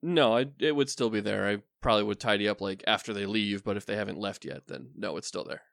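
Man, tabletop player, casual, gravelly, low. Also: fast talker, fairly bright tone, dry recording, studio quality. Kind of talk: tabletop game chat.

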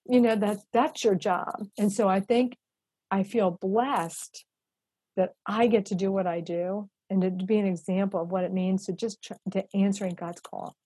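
A woman in her fifties, a guest and executive director, telling a heartfelt story in an animated, emphatic way that often repeats itself. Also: medium pitch, moderate pace, breathy edge, dry recording.

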